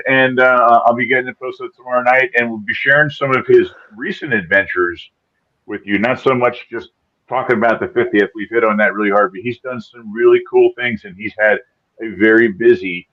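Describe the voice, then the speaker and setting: An upbeat man hosts a live show in a lowish voice, rambling along with frequent restarts. His voice comes through slightly dull, lo-fi stream audio. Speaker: podcast host. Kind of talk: casual live-show chat.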